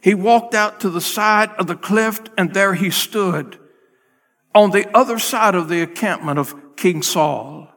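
Male pastor telling a bible story in a sermon, sharp bright voice, big echoey church. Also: high voice, a little slow. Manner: dramatic storytelling, acting out scenes. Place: church sanctuary.

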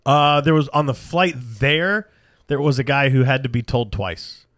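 A man's voice: mid-range voice, a little slow, fairly bright tone, no room sound, clean studio sound. A man co-hosting a podcast, telling stories in an exasperated, swearing casual chat. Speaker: podcast host.

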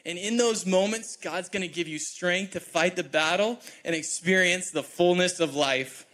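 High-voiced man giving earnest encouragement. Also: normal speed, a bit bright. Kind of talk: sermon. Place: church auditorium.

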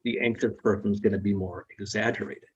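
A man's voice: fairly low pitch, fairly even intonation, fast talker, husky. A man, a psychologist guest, explaining ideas patiently in an interview and often checking in with tag questions. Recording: dull lo-fi recording.

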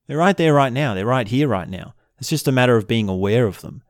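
A man teaching in a slow, reflective way, often repeating short example phrases. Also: mid-range voice, lively intonation, no room sound, clean studio sound. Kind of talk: spoken teaching talk.

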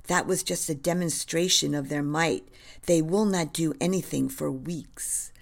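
Brief: an urgent, commanding colonial-era general in a storybook reading, read by a woman with a low, gravelly voice. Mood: reassuring. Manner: alarmed, brisk orders. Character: 18th-century American general, urgent and commanding, man.

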